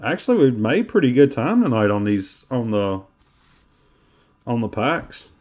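A man's voice: medium pitch, very animated, measured pace, a little mellow, muffled recording. A man hosting a live card-opening stream, calling out card names and teasing viewers with joking banter. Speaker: live card-break host. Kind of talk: casual livestream commentary.

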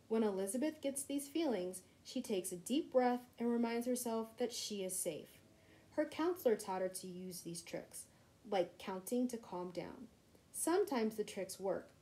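A woman reading a children's storybook aloud in a gentle, expressive way. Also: on the high side, poor audio. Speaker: reader.

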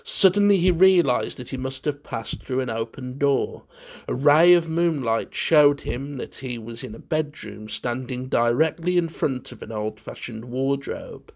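A man narrating a ghost story in a measured, steady storytelling manner. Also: mid-range voice, creaky.

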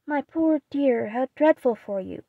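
A woman's voice: high voice, lively intonation, measured pace, no echo, phone-quality sound, pitched above the performer's own voice, full character voice. A woman voicing a blunt, impulsive teenage girl. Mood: anxious. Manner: blunt, exclaiming, remorseful. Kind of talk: audiobook reading.

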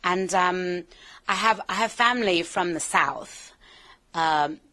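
An American actress in a casual interview, talking in an animated, playful way. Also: female voice, fairly low pitch, measured pace. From United States. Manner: animated, playful, slips into accents.

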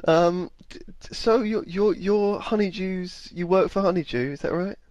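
Podcast host, man from England, chatty, quick to laugh, voice a touch high, dry recording. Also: steady tone, darkish tone, no room sound, dull audio. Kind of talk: casual comedy chat.

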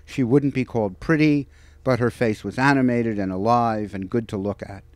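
Novelist reads his book aloud at a bookstore, measured delivery, dry close sound, middle pitch. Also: steady tone, dry recording. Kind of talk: author reading from his novel. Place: bookstore event.

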